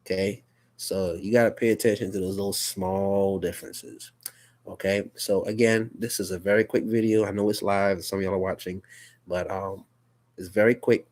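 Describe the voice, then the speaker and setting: A man's voice: lowish voice, steady tone, moderate pace, darkish tone. A man teaching a casual live phonics lesson, patient and repetitive, often checking in with "okay?".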